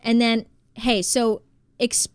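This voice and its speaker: A woman from New Jersey, live streaming and chatting casually while she plays, reading out and thanking her chat, quick to exclaim. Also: a little high, flat delivery, clear, resonant tone, no room sound.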